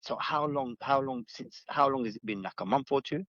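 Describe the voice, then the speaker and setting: A man's voice: medium pitch, moderate pace, a bit bright, dry recording. A man on a phone call earnestly giving a friend advice. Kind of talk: phone conversation. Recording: dull lo-fi phone line.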